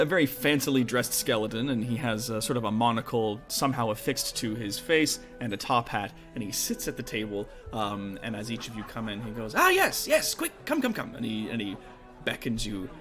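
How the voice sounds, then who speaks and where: A man's voice: medium pitch, brisk, music in the background. A man narrating as game master in a casual, rambling way, full of fillers.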